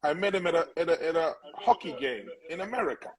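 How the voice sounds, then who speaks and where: A man's voice: on the high side, animated, quick pace, crowd noise, rough recording. Earnest middle-aged man telling stories. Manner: earnest, rambling storyteller with frequent restarts. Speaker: musician guest. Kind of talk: casual storytelling interview.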